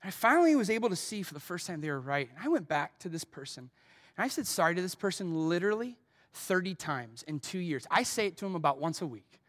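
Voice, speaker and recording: A man's voice: sits high, sing-song, fast talker, a bit bright. A man preaching a sermon as pastor, earnest and personal, asking his congregation direct questions and telling stories from his own life.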